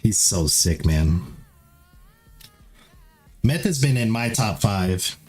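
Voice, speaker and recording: Lisping nasal man with a raspy low end. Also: lively intonation, slow pace, faint music behind. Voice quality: lisp. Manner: rambling, filler-heavy, self-deprecating. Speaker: live-streaming artist. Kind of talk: casual live-stream chat.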